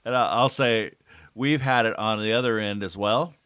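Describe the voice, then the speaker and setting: Male co-host, low voice, easygoing anecdote, dry sound. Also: steady tone, normal speed, a bit bright, clear, resonant tone, no room sound. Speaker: podcast co-host. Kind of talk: casual storytelling chat.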